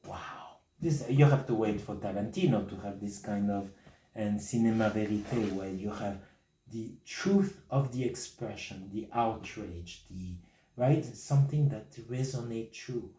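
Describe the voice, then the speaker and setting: Man coaching piano, mellow voice, roomy distant sound. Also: lowish voice, unhurried. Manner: sings and scats rhythms to demonstrate; non-native English phrasing. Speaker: piano teacher.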